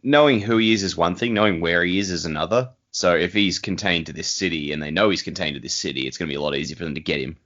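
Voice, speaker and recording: A deep-voiced man talks through a story's logic on a book podcast, tossing in dry asides. His voice sits very low. The sound is a little dull and lo-fi. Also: fast, few pauses, a bit bright. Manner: analytical with dry quips. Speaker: podcast co-host. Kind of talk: casual book discussion.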